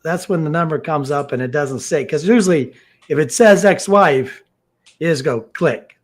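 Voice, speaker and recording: A man's voice: a little high, normal speed. A man with a slightly raised voice tells a rambling comic story over a video call. He acts out both ends of a phone call, his tone exasperated and stubborn. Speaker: comedian contestant. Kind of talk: stand-up storytelling. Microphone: video call mic.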